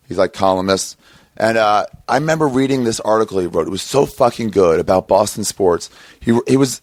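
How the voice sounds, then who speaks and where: A man in his thirties hosting a podcast, rambling and swearing as he tells an animated story in casual chat. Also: on the low side, no echo, clean studio sound. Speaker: podcast host. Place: outdoor patio by a street.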